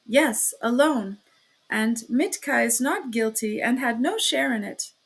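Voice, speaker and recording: A pale young male workman from an audiobook, short of breath and blunt, as a woman reader voices him. His declarations come fairly loud, in a voice pitched a little high. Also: animated, measured pace, breathy edge, full character voice.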